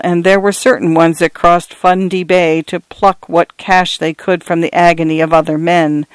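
A man narrating a story in a measured, earnest storytelling manner. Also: sits high, clean tone, no room sound, poor audio.

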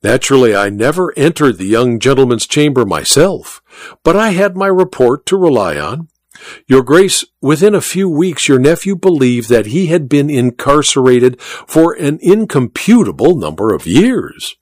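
A man's voice: medium pitch, sing-song, normal speed, dry recording. A man playing a suave, scheming colonel. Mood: urbane. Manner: smooth, deferential, precise. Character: scheming male colonel, suave courtly torturer. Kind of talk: audiobook character voice.

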